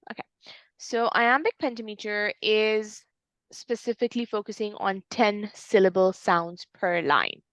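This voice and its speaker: A woman tutor talking a student through a poem, explaining with everyday fillers and restarts. Her voice is dry and close, with no room sound. Her pitch sits in the middle. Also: a little slow, a bit bright, no echo. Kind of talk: online tutoring lesson.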